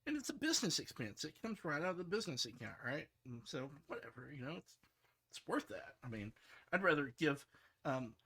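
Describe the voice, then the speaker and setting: A middle-aged man, a software developer, talking casually and rambling, frustrated, with many restarts and fillers. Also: on the high side, very animated, fairly quick, breathy edge. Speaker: software developer streaming his work.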